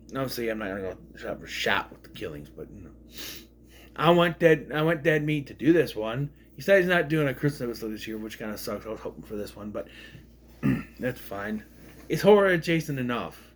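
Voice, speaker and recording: Animated man rambling through a movie review. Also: slight background noise. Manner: rambling, restarts, swings in pitch and loudness. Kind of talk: casual spoken film review.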